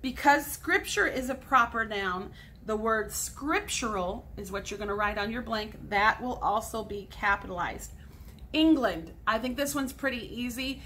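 A woman's voice: on the high side, unhurried, sharp tone, slight background noise. A woman in her forties, a sixth grade teacher, patiently explaining grammar step by step in a recorded lesson for students at home.

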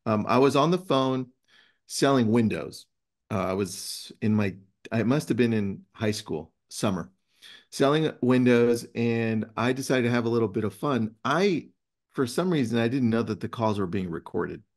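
A man's voice: mid-range voice, moderate pace. A man hosting a casual webinar, telling stories with energy and reading passages aloud. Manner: animated storyteller, reads passages aloud. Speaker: webinar host.

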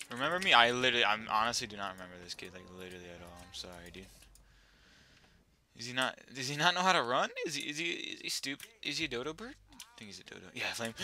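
A young man at home giving excitable, swearing commentary over his own gameplay, now and then yelling at his dog. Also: medium pitch, a little fast, long pauses, faint music behind. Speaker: gaming YouTuber.

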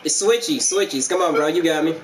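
A man with a high voice mocks and curses at the other players while he plays an online basketball game. Loud background noise sits under his voice throughout. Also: fairly quick. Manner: profane, mocking trash talk. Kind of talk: casual gaming commentary with trash talk.

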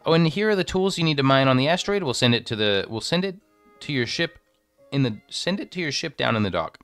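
A man voicing a stern, raspy woman who runs a mining station, reading her lines briskly. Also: mid-range voice, lively intonation, fairly bright tone, no echo, soft background music, pitched above the performer's own voice. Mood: brisk, businesslike.

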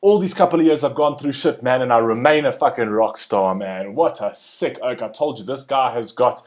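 A young adult man giving excited, chatty reaction commentary, often tacking "man" onto his sentences. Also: medium pitch. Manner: hyped and chatty, often ending phrases with "man". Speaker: music reaction host.

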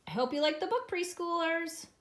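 Expressive woman reading to preschoolers. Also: very high-pitched, normal speed. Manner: expressive, sing-song storytelling. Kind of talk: reading a picture book aloud.

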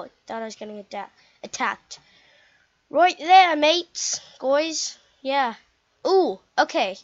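A young woman giving excitable, chatty commentary while playing a game. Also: fairly high pitch. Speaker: gameplay commentator. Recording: dull lo-fi home mic.

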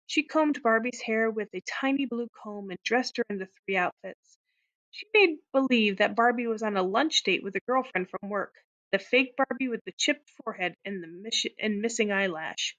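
A woman's voice: mid-range voice, fairly bright tone. Woman teacher reading a story aloud. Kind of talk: read-aloud story narration.

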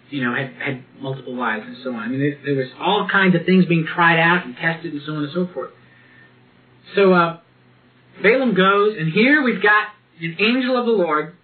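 A man preaching a sermon and reading from the Bible, talking conversationally with frequent laughs and restarts. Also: sits high. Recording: tinny lo-fi recording with faint hiss.

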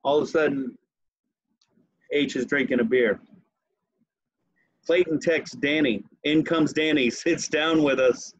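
Man, podcast host, casual anecdote, laughing as he tells it, slightly high pitch. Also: a little slow, pauses often, husky, no echo, highs cut off. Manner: animated, laughs while telling stories. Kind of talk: casual storytelling chat.

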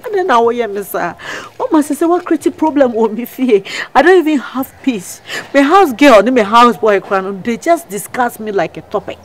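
A woman's voice: fairly high pitch, expressive, normal speed, hardly any pauses. A woman with a Ghanaian accent playing a married woman begging a persistent man to leave her alone, in a web drama. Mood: pleading. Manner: pleading, exasperated.

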